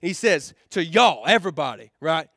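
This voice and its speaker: A man's voice: a little high, big pitch swings, a little fast, sharp tone, no room sound, clean studio sound. A man preaching a sermon as pastor in a casual, conversational way, often repeating words, asking "right?" and adding jokey asides. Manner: keeps checking in with the crowd with "right?"; joking asides. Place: rented event hall used for church.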